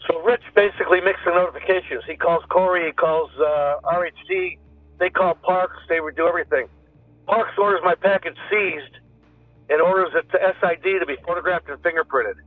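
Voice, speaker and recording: A former detective, a man, talks through his story in a loose, conversational way, restarting sentences and quoting what others said. His voice sits a touch high for a man and comes through a tinny phone-like line. The sound is dry, with faint music beneath. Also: a little fast, dry recording. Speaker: former police detective, interview guest. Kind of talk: recounting a story in casual talk.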